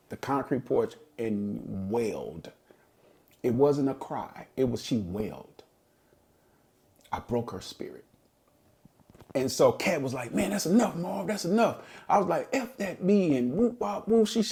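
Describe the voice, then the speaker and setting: A man's voice: mid-range voice, mellow. A middle-aged man and podcast co-host, telling a personal story in an earnest, reflective way during a casual chat.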